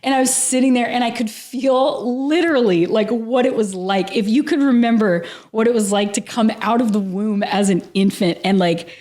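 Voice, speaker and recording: A woman's voice: a little high, normal speed, hardly any pauses, darkish tone. Earnest woman sharing a personal story. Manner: earnest and emotional, heavy use of "like". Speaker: podcast guest. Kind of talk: casual interview storytelling.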